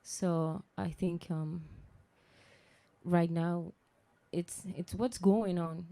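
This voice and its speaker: A woman giving halting personal testimony as a guest speaker, searching for words with many restarts. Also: lowish voice, fairly even intonation, creaky, dark tone, no room sound.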